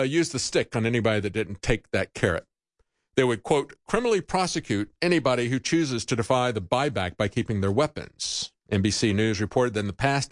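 A man's voice: medium pitch, no echo, studio quality. A man hosting a political talk show, delivering emphatic, sarcastic commentary and mocking the people he quotes. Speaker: talk radio host.

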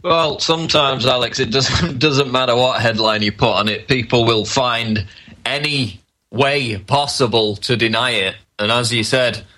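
Guy calmly laying out the facts as a guest, bright clear voice. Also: medium pitch, a little slow. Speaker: guest writer. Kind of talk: explanatory commentary.

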